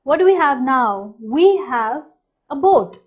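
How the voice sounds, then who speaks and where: A woman teaching a language lesson, saying each new word slowly and clearly and then repeating it. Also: high-pitched, animated. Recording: dull, slightly lo-fi sound.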